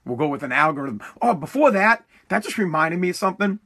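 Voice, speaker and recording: A man's voice: sits high, animated, quick pace, a bit bright, breathy edge. A man hosting his own podcast, talking casually in a rambling, profane way with many restarts. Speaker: podcast host. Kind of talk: casual solo podcast monologue.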